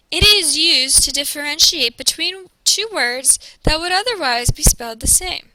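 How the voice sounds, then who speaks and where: A woman teacher narrates a recorded lesson with a high, clear, bright voice. She speaks slowly and carefully and models each pronunciation. The recording is dry and close, with no room sound. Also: no echo, low-quality recording. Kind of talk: recorded classroom presentation.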